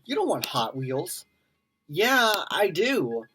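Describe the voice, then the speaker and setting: Soft background music plays as a woman, a YouTuber who covers games, reads a visual novel's lines aloud in assorted character voices and interrupts herself with commentary. Her voice sits on the low side, sing-song and a bit bright, and she reacts quickly with frequent laughs in this let's play.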